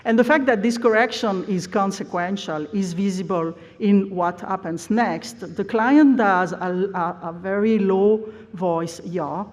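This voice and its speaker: A woman's voice: mid-range voice, measured pace, few pauses. Woman lecturing in a reverberant hall. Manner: frequent uh hesitations, explanatory. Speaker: plenary lecturer. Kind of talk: academic conference lecture. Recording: long reverb of a large hall.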